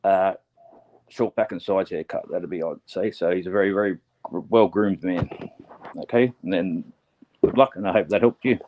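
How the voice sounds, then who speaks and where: A fairly low-voiced man gives a live online psychic reading in a soft, halting way, stopping and restarting often. He is nervous, on air for the first time. The sound is a little muffled, like live stream audio. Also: slight background noise. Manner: halting, gentle, full of fillers and restarts. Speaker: psychic medium.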